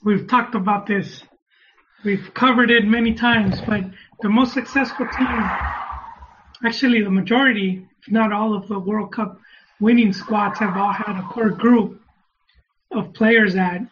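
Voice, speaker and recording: A man joining a casual football podcast, speaking quickly and assertively. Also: sits high, steady tone. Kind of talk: casual chat. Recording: dull lo-fi line with clear background noise.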